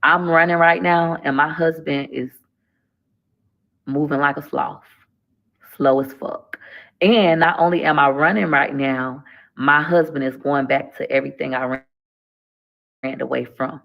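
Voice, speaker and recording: Preachy woman with a gravelly edge. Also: deep voice, steady tone, a little slow, long pauses, lo-fi sound. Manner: preachy, emphatic, repeats phrases. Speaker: livestreamer. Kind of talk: casual live-stream monologue.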